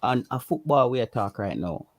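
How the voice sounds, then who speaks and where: A man's voice: mid-range voice, lively intonation, moderate pace, no room sound, clean studio sound. A passionate Jamaican man co-hosting a casual livestream chat, emphatic and given to repeating himself. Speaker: co-host.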